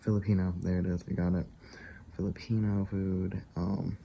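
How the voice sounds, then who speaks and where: A man's voice: sits low, flat delivery, normal speed, gravelly, mellow, slight background noise, low-quality recording. A man telling a story to camera in a casual, rambling way, with hesitations and asides. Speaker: vlogger.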